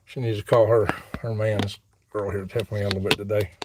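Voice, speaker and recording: A man's voice: lowish voice, flat delivery, a little fast, heavy background noise. A man, hosting a casual live vlog from his farm and reading viewer messages aloud in a chatty, folksy way. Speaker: livestream host. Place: outdoors on a farm, in and around a truck. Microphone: phone held by the speaker.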